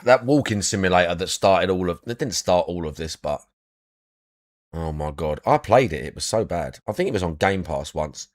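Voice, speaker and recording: A man's voice: low-pitched, expressive, normal speed, dry recording, studio quality. A young adult man chatting casually as a podcast co-host, blunt and sweary, repeating his points. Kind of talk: casual chat.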